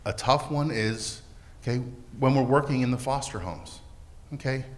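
Animated man in a reverberant hall. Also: mid-range voice, normal speed. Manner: animated, emphatic, with rhetorical questions. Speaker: therapist on a panel. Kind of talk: panel talk.

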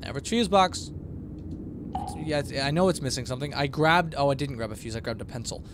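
This is casual live commentary on a horror game, delivered fairly quickly by a man with a medium-pitched voice. He rambles sleepily, yawning and talking both to himself and to his chat, with background noise audible.

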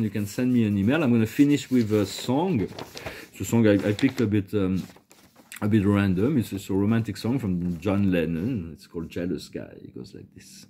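A man with a French accent giving a spiritual talk and reading oracle cards, soft-spoken and halting, often repeating words. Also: on the low side, husky. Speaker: oracle card reader.

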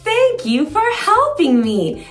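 A young woman hosting a toddler learning video, who speaks slowly and gives lots of encouraging praise. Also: very high-pitched, huge pitch swings, recorded from a distance. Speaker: children's video host. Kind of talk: slow, sing-song teaching for toddlers. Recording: echoey room, soft music behind.

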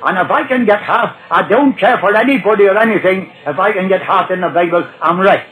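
An older man preaching a sermon, telling his own conversion story in a folksy way and quoting scripture slowly. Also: high voice, fairly bright tone, poor audio. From Ireland. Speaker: evangelist. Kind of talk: old recorded sermon testimony.

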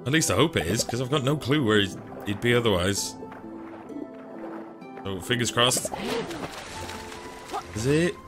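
A man giving chatty, self-mocking gameplay commentary, laughing often as his pitch jumps around. Game music plays behind his voice. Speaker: let's play host.

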